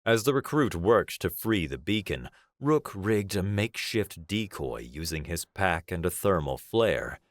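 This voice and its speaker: A man narrating a science fiction story in a measured, dramatic storytelling style. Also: low-pitched, sing-song, no echo, clean studio sound. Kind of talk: audiobook sci-fi narration.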